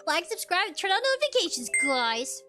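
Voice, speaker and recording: Young woman streamer reading chat, giggly and chatty, high bright voice, soft music behind. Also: big pitch swings, moderate pace. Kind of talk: casual live game stream, reading chat.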